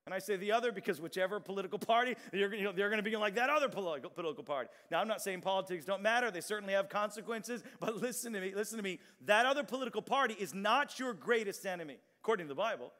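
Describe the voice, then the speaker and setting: A man preaching to a congregation with a high, bright-edged voice, swinging between loud, drawn-out proclamations and quieter explanation. His words ring through a large church hall with a long reverb tail. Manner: animated preaching, shouts and drawn-out emphatic lines, audience call-and-response. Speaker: pastor. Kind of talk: sermon.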